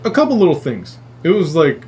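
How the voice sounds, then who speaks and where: A man hosting a live stream, casually retelling a story in a rambling, animated way and swearing a lot. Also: a little high, fairly quick, soft background music. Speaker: livestream host.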